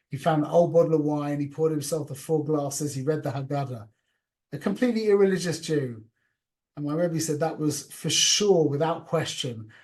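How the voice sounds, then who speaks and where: A fairly high-pitched man leads a casual class by call, talking in a lively, chatty way. His sentences frequently start over, and Yiddish and Hebrew words slip into his speech.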